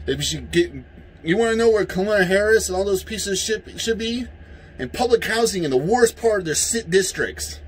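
High-voiced man in a profane rant. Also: breathy edge, rough recording. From United States. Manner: heated, profane, yelling at times. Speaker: vlogger. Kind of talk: angry political rant.

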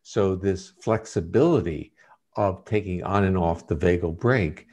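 A man, a guest scientist in an interview, giving measured, lecturing explanations. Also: sits low, a little mellow.

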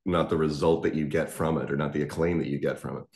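A man's voice: rumbling low, fairly even intonation, fast talker, a little mellow, reverberant. A man co-hosting a podcast, chatting about music in a rambling, enthusiastic way with many restarts. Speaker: podcast co-host. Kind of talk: casual chat about music.

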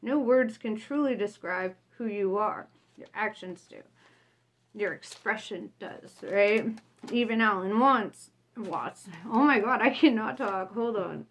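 A woman's voice: medium pitch, measured pace. A woman vlogger reading her own reflection aloud casually, blunt, often laughing and tagging lines with "right?".

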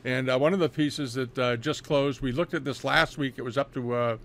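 A man's voice: mid-range voice, steady tone, brisk, slight background noise. A man talking through art auction results in a casual, rambling way, full of fillers and restarts. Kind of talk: casual spoken commentary.

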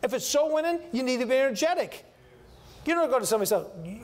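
A middle-aged man preaching a sermon in a church, emphatic and animated, repeating his key phrases. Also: extremely high pitch, fast talker. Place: church sanctuary.

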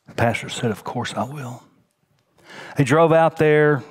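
A man preaching a sermon as senior pastor, dropping to a hushed near-whisper on tender points and rising in pitch as he tells a story. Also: a little slow, pauses often, husky.

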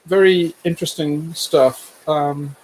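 A man with a somewhat high voice spins a long personal story in loose, casual talk. He rambles and restarts his sentences, and chuckles and swears along the way. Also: steady tone, slow, darkish tone, a little hiss or hum.

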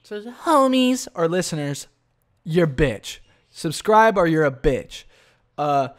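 A young man talks alone into his podcast mic with a somewhat high voice. He swears constantly and rambles, losing his train of thought and starting over. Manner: profane, rambling, self-interrupting. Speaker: podcast host. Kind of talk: solo podcast rant.

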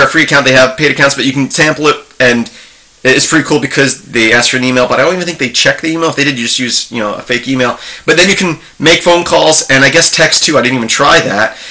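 Here the tech host's voice sits on the high side, bright and forceful. The middle-aged man chats casually over a screen share, rambling along with plenty of ums and false starts.

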